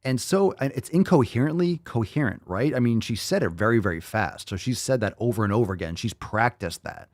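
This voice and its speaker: Male podcast host, lively swearing rant, dry close mic. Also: medium pitch, fairly quick, hardly any pauses, no echo. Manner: profane, incredulous, repeats phrases for emphasis. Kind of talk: casual ranting commentary.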